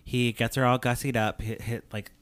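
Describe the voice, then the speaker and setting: A man's voice: medium pitch, flat delivery, normal speed, fairly bright tone, smooth, no echo. A man hosting a podcast, recapping a movie in a rambling, casual way with many fillers. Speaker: podcast host.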